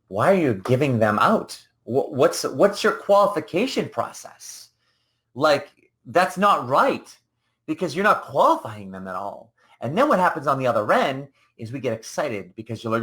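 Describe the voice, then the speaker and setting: A man's voice: mid-range voice, very animated, moderate pace, a bit bright. A man hosting a solo coaching podcast, talking casually and rambling, often acting out the people he quotes. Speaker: business coach and podcast host.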